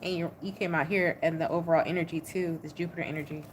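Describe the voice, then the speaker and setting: A woman giving a casual tarot reading in an animated, slangy way, repeating points for emphasis. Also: low voice, fast talker, heavy background noise. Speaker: tarot reader.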